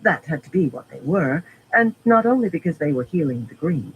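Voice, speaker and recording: A man's voice: fairly high pitch, very animated, brisk, muffled recording, a little hiss or hum. Man reading a fantasy audiobook. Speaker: audiobook reader. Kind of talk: audiobook narration.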